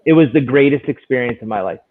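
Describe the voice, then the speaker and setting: This guest, a man in recovery, speaks in a mid-range voice at a quick pace. His personal testimony comes out candid and searching, full of restarts, in casual conversation over a tinny line that sounds like a phone.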